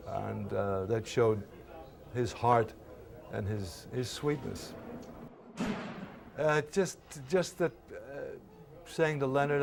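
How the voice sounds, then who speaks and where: A man in his eighties, an actor being interviewed, telling stories from his old series in a lively, halting way with many fillers. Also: on the low side, gravelly. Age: 80s. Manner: animated storyteller, acts out quoted voices. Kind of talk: reminiscing interview anecdotes.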